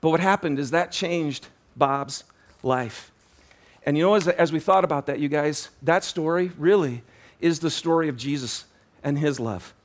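A man preaching a sermon as pastor, telling a story with animated energy, often restarting and repeating words. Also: fairly high pitch, moderate pace.

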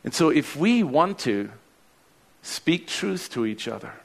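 A male pastor delivering a sermon in a relaxed, conversational way. His voice sits a little higher than most men's, and he keeps checking in with rhetorical questions to his congregation. He often repeats a word when he restarts a sentence. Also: unhurried, vocal fry. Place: church.

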